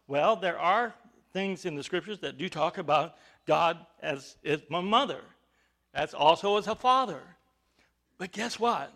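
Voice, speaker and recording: A man's voice: a little high, lively intonation, moderate pace, a bit bright. A male pastor preaching a sermon, emphatic, with rhetorical questions and rising bursts of volume.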